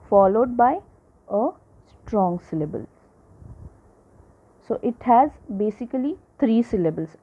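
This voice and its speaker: Slow-explaining woman teacher, tinny audio. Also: medium pitch. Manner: slow, repetitive explaining with frequent "okay" and "right". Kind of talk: classroom lecture.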